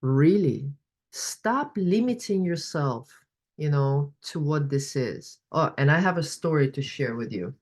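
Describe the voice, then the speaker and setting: A woman with a notably low voice leads a workshop over a video call. She talks in an encouraging, storytelling way and uses plenty of fillers as she goes. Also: expressive, unhurried, a little mellow. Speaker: money coach. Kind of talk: online workshop presentation.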